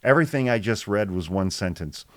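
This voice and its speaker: A man delivers casual political commentary in a resonant, slightly low voice. He reads quotes and answers them with deadpan, exasperated sarcasm. The recording is dry and close, with no room sound. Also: a little fast, no echo.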